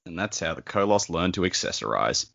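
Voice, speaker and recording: Low-voiced guy cracking dry jokes on a book podcast, bright and bouncy delivery, dull dry mic. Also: sing-song, a little fast, gravelly. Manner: wry, sarcastic asides. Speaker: podcast co-host. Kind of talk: casual book-club chat.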